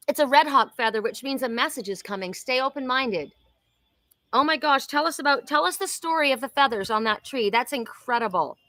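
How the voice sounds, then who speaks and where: A woman in her sixties hosts a live oracle card reading and chats effusively with her viewers. Her voice sits a little high and sounds bright and forceful. The recording is dry and close. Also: no echo. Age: 60s. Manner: effusive, chatty, talks to viewers by name. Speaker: host.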